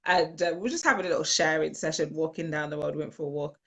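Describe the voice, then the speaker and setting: A woman with a low, gravelly voice talks fast as she hosts a casual, reflective chat. She shares personal stories in a storytelling way, bringing quoted voices to life.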